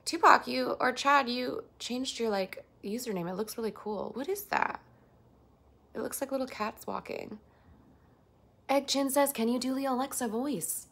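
A woman hosting a casual livestream chats excitedly with her viewers and greets each one by name. Her voice sits a little high and sounds bright and crisp, and her delivery is bubbly and upbeat. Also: moderate pace. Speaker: livestream host and voice actor. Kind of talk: casual livestream chat, reading out viewer messages.

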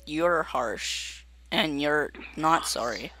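A man hosting a casual gameplay video, goofy and excitable, giggling often as he talks. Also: on the high side, drawn-out words. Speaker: gaming video host.

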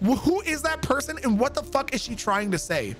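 Excitable high-voiced male streamer. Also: moderate pace, faint music behind. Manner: excitable, swearing, laughing often. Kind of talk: casual chat with stream viewers.

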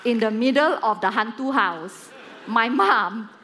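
Malaysian lady pastor in her 40s, kinda high voice, tells stories all animated. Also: measured pace. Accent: Malaysian English. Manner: animated storytelling with acted-out quotes. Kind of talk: sermon.

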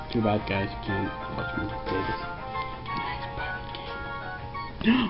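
A man's voice: medium pitch, expressive, slow pace. A man walking through a casual tech tutorial, rambling and joking, sometimes putting on mock voices for what the computer says. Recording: dull lo-fi home recording with faint music.

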